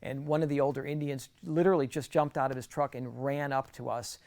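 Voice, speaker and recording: A middle-aged man with a gravelly, crackly edge to his voice tells a personal testimony to a gathering. His delivery is earnest and conversational, with frequent restarts, at a middle pitch. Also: fairly even intonation, fairly quick, darkish tone. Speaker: guest speaker.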